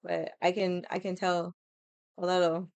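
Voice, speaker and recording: Chatty, profane woman with a smooth voice. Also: lowish voice, unhurried, no room sound. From Hawaii. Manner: animated, profane, laughs often, acts out quotes. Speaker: vlogger. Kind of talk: casual storytelling chat.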